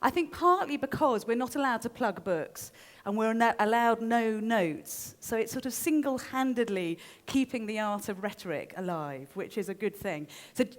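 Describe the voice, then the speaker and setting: A woman's voice: on the high side, expressive, normal speed. Chatty woman giving a stage talk. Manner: chatty and self-deprecating, with many ums and restarts. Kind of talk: informal public talk to a live audience.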